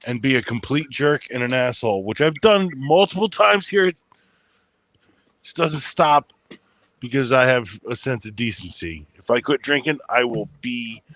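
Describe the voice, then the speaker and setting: A man's voice: mid-range voice, expressive, normal speed, fairly bright tone, no echo. A man hosting a casual podcast chat, rambling and self-mocking, laughing often. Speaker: podcast host.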